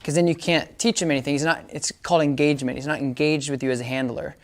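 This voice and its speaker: A man's voice: fairly high pitch, steady tone, fast. Chatty man explaining dog training. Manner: chatty, explains step by step, often checks understanding. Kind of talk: casual outdoor training demonstration.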